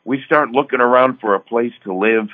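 A man's voice: medium pitch, moderate pace. Older man on a tinny phone line. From Connecticut, US Northeast. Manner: folksy storyteller who acts out quoted dialogue. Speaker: radio show co-host. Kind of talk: casual radio chat, storytelling.

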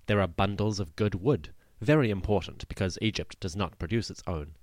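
Male history podcast host: low voice, animated delivery, dry close sound, wry asides. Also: dry recording. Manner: lively storytelling with wry asides. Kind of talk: scripted history narration.

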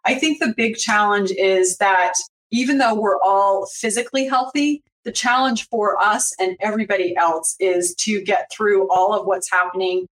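A woman's voice: medium pitch, normal speed. Female guest, playful and upbeat, on a video call, slightly distant mic. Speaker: guest, business advisor. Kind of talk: casual live interview.

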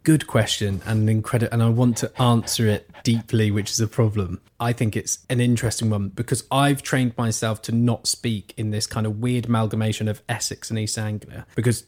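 A man's voice: on the low side, level tone, brisk, few pauses, a little mellow. A man from Suffolk, England, a podcast guest, talking in a thoughtful, rambling way with many restarts. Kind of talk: casual conversation.

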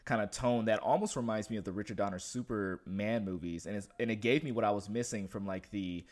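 A man talks in a loose, rambling way, stacking up fillers as he reaches for his point. His voice sits a little low, and his tone stays playful. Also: brisk, darkish tone. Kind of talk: casual chat.

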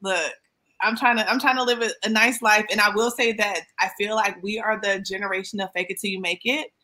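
A woman in her thirties co-hosting a podcast, chatting casually and animatedly with quick asides and playful mock voices. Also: mid-range voice, fairly even intonation, sharp tone. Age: 30s. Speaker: podcast co-host. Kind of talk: casual chat.

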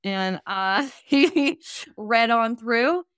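A woman's voice: on the high side, expressive, extremely slow, a bit bright, clean tone, dry recording, studio quality. A woman in her twenties, a guest on a podcast, chatting candidly about starting her business. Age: 20s. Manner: chatty, candid, playful banter. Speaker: guest, vacation rental business owner. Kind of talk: casual podcast interview.

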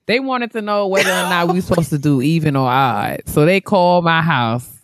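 A woman's voice: lowish voice, lively intonation, moderate pace, no echo, clean studio sound. A woman co-hosting a podcast in casual chat, reacting often with exclamations. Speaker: podcast co-host.

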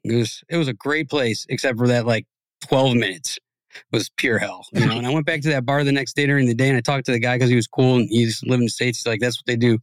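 A man's voice: medium pitch, steady tone, fast talker, dry recording. A man co-hosting a podcast, telling a long story in loose, profane casual chat. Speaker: podcast host.

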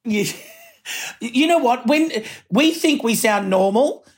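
A woman's voice: on the high side, lively intonation, takes it slowly. A woman with an Australian accent, a podcast guest chatting candidly and laughing as she talks. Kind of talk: casual podcast chat.

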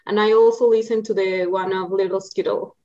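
A woman's voice: medium pitch, steady tone, fairly quick, a little mellow, highs cut off. A woman from Mexico, a guest in a casual interview, talking thoughtfully and hunting for the right words. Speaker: podcast guest.

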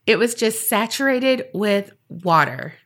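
A woman's voice: mid-range voice, lively intonation, slow, fairly bright tone. A woman podcast host telling a story in a chatty, casual way with wry asides.

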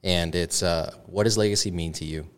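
A man's voice: deep voice, steady tone, normal speed, smooth. A man hosting a podcast, chatty and jokey, interviewing a guest in casual conversation. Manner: jokey and chatty, laughs easily. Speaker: podcast host.

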